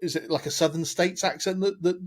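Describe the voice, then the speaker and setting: British male host, casual podcast chat, rambling with fillers, quick to laugh. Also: a little high, fairly even intonation. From Britain.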